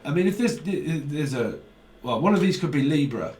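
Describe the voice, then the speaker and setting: A man giving a casual, rambling tarot reading, animated and full of slang and swearing. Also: fairly high pitch, moderate pace. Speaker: tarot reader. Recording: roomy sound from a mic at a distance.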